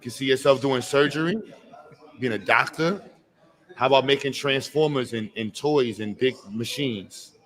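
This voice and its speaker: A man's voice: mid-range voice, moderate pace, a bit bright. A man hosting a live expo, coaxing a child with playful, hype-filled encouragement. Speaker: event host. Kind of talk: energetic live event hosting.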